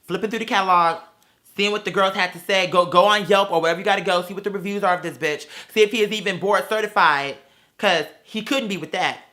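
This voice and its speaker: Sassy, foul-mouthed man with a bright voice. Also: high voice, fast. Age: adult with children. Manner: sassy, brash, swears constantly, calls people girl and bitch; theatrical, mocks people in put-on voices. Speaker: vlogger. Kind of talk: profane ranting storytime.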